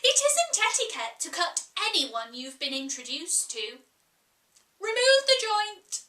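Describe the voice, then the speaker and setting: A woman's voice: very high-pitched, big pitch swings, unhurried, bright, forceful tone, recorded from a distance, pitched above the performer's own voice, full character voice. A woman doing a bossy, commanding queen. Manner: decided, commanding, solemn. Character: bossy stern adult queen. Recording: echoey room, voice off-mic.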